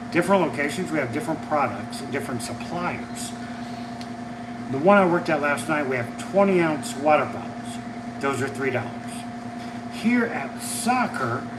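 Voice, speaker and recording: There's background noise behind this man, whose voice is medium in pitch. Broadcasting live from a concession stand at a soccer venue, the Midwesterner chats easily and fields questions from his chat.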